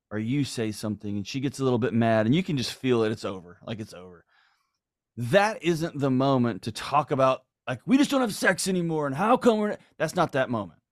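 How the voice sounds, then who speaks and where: A man's voice: mid-range voice, dry recording, clean studio sound. A middle-aged man talking earnestly and with emphasis on a podcast, acting out quoted lines as he goes. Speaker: guest. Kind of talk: conversational podcast talk.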